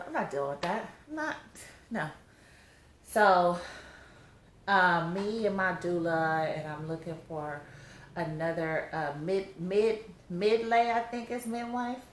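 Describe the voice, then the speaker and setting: A woman's voice: low-pitched, fairly bright tone, reverberant, slight background noise. A heavily pregnant woman giving a casual vlog update, blunt and exasperated, cussing freely. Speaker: vlogger.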